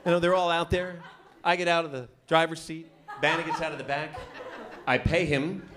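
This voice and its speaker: Animated male stand-up comic. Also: on the high side, moderate pace. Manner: storytelling, animated acting-out of characters. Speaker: stand-up comedian. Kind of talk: stand-up routine. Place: comedy club stage. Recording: live club recording with audience noise.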